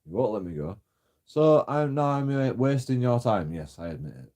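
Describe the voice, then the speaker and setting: A man's voice: medium pitch, big pitch swings, moderate pace, a little mellow. A man telling a story in a casual vlog, rambling and mocking, swearing freely and chuckling often. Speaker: channel host.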